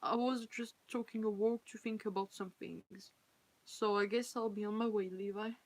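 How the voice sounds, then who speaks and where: A woman with a French accent voices a troubled young male soldier who speaks in a quiet, subdued mutter. It is a plain read-aloud take on the figure. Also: mid-range voice, steady tone, moderate pace, no room sound, natural voice, poor audio.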